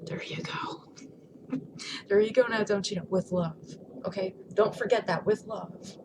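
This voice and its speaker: A woman vlogging from home in a casual, chatty rant, laughing often and swinging between loud outbursts and hushed asides. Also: mid-range voice, steady tone, moderate pace, background noise. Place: home, not in her studio.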